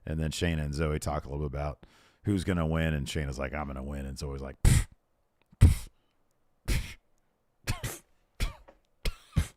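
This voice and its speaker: A man's voice: very deep voice, little pitch movement, fast, a little mellow, dry recording, clean studio sound. A man co-hosting a podcast, casually recapping a wrestling show and quoting the wrestlers' lines as he goes. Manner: retells scenes by quoting wrestlers, laughs easily. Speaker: podcast co-host.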